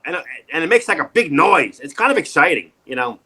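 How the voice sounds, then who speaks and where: Bright-voiced man in his sixties telling stories. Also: a little high, brisk, rough recording. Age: 60s. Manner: animated, acts out quoted voices loudly. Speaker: actor guest. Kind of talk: casual interview storytelling.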